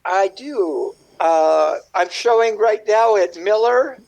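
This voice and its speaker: Taking it slowly, a male guest artist on a radio interview spins a rambling, animated story, voicing the characters in small impressions. His voice is notably high yet gravelly, and the audio is poor.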